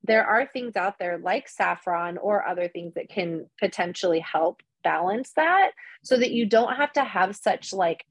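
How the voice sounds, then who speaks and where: A woman in her thirties, a podcast guest chatting casually and telling animated stories with lots of fillers. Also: medium pitch, measured pace, husky, dry recording. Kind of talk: casual chat.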